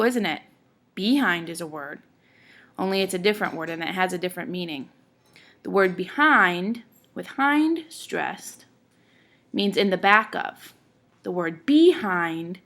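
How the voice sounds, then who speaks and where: A woman's voice: mid-range voice, vocal fry, a bit bright. A woman teacher giving a classroom lecture, explaining step by step in a patient way and often checking in with her students.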